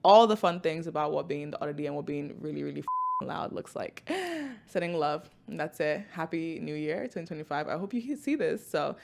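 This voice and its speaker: Give me a loud, bubbly woman in her twenties hosting a podcast, with a low voice. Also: fairly quick, creaky, slight background noise. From Nigeria. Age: 20s. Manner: loud, excitable, laughing often. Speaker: podcast host. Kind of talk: casual podcast chat.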